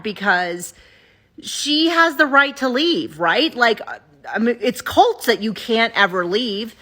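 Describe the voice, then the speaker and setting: A woman's voice: on the high side, expressive, slow, pushed and bright. A woman giving candid, opinionated casual commentary to camera as a vlogger recapping a show.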